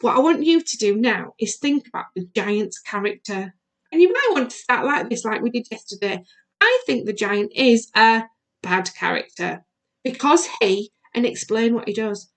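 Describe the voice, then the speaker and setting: Lady teacher talking to little kids in a video lesson, kinda high voice, singsongy. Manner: sing-song, asks children questions and pauses. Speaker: primary school teacher. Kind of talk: recorded remote lesson for young children.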